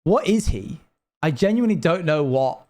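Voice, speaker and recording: A man's voice: on the high side, animated, normal speed, a little mellow. Chatty rambling male game streamer. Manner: rambling, chatty, talks to viewers. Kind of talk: casual live-stream chat while gaming.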